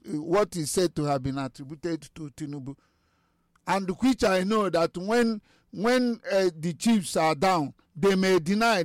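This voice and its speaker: A man with a high voice talks on a radio panel, stumbling through restarts before building to forceful questions. The sound is close and dry. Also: no room sound. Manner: halting, many restarts, rising to emphatic questions. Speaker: studio guest. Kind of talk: radio talk show discussion.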